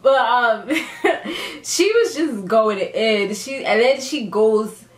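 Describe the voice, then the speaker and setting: A woman casually recapping a TV episode for her channel in a sassy, animated way, often laughing as she talks. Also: very slow. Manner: animated, sassy, dramatic pitch jumps; laughs often while talking. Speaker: TV recap vlogger. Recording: echoey room.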